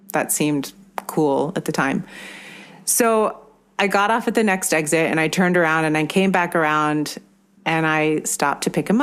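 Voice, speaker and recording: Low-voiced woman telling a story. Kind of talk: personal story.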